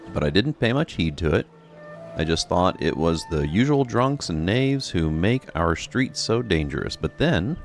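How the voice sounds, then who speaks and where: A man's voice: deep voice, creaky, heavily acted. A man reading out a game's dialogue while voicing a chatty, dramatic townswoman who witnessed a crime. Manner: chatty, dramatic, pious exclamations. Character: gossipy upset townswoman, a witness. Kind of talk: reading game dialogue aloud.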